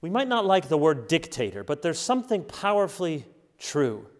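A male preacher with a somewhat high voice delivers an earnest sermon. He leans on key words and draws them out. His voice rings with the long reverb of a large church hall. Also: sing-song. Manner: earnest, emphatic preaching with slowed stressed words.

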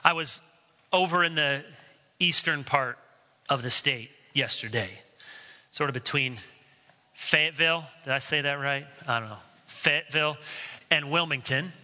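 A man's voice: medium pitch, normal speed, bright, forceful tone, big-room sound. A male pastor preaching a sermon earnestly and telling stories along the way. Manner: earnest preaching, storytelling asides.

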